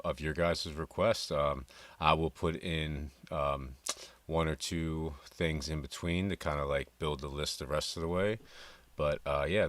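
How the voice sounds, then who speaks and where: A man hosting a reaction stream, chatting casually in a relaxed, halting way with lots of fillers. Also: very deep voice, no room sound. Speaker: reaction channel host.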